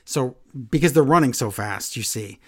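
A man casually chatting as a podcast co-host, recapping wrestling in an animated way and acting out quotes. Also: medium pitch, normal speed. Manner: animated recapping, acts out quotes in shifting voices. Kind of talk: casual chat.

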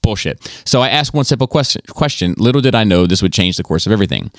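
A man's voice: lowish voice, lively intonation, fast, no echo, studio quality. A man hosting a podcast in casual chat, reading listener emails aloud in a laid-back way with frequent swearing and laughter. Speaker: podcast host.

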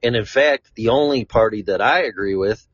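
Blunt, low-voiced man from Chicago. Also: moderate pace, slightly rough, no echo. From Chicago, USA. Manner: blunt, rambling, swears freely. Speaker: vlogger. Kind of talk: casual monologue. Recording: dull lo-fi, dry sound.

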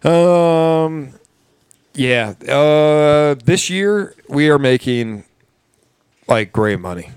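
Profane, ranting man with a fairly high voice. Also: expressive, very slow, clean tone, dry recording, clean studio sound. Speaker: podcast host and restaurant server. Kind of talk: casual chat.

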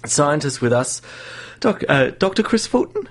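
A man's voice: a little high, sing-song, measured pace. Chatty radio host, man. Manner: chatty, laughs often, many fillers. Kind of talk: casual radio chat.

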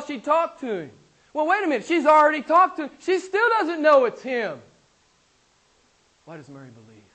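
A man preaching a sermon to a small congregation, swinging between loud, high exclamations and soft, low passages, with repeated phrases and rhetorical questions. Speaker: pastor.

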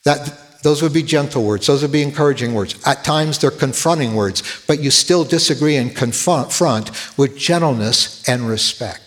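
A male pastor delivers a sermon in a voice that sits at an ordinary, middle pitch for a man. He is earnest and often repeats a word as he starts a phrase. His voice carries a long, ringing reverb from a large hall. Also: normal speed.

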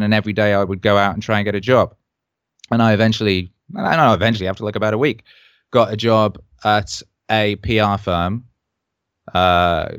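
A man from Wales, a musician guest, telling animated stories in a casual interview and quoting people along the way. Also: lowish voice, smooth, no room sound, clean studio sound. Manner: animated anecdotes with quoted voices.

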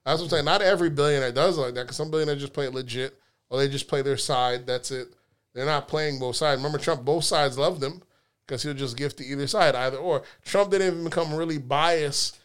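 A man hosting a casual podcast chat, talking in slangy, animated rants. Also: a little high, brisk, clear, resonant tone. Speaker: podcast host.

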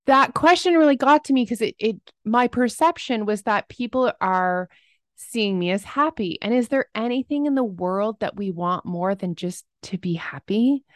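A woman's voice: on the high side, expressive, normal speed, no room sound. Chatty woman podcast host, dry sound. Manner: emotional, chatty, fluctuating energy. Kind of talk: solo podcast talk.

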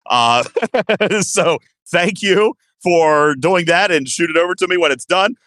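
Lively, bright-voiced male podcast host. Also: a little slow, no room sound, studio quality. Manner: animated and playful, swinging his pitch up high for excitement. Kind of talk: casual podcast chat.

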